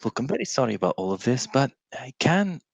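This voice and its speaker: A man's voice: mid-range voice, very animated, a little fast, creaky, breathy edge, no room sound, voice pushed up, exaggerated voice. A man voicing a testy, sarcastic male adventurer in a tabletop role-play, grumbling complaints in character. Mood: apologetic.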